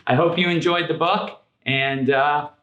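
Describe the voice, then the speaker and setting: A man reading a children's picture book aloud in a gentle, playful storytelling manner. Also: a little high, fairly even intonation, measured pace, reverberant, highs cut off.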